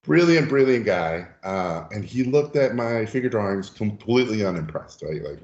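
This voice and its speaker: Low-voiced man telling stories. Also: moderate pace, hardly any pauses. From Mexico. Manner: lively storyteller who acts out voices. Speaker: podcast guest. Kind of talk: animated anecdotal storytelling. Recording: roomy, dull lo-fi sound.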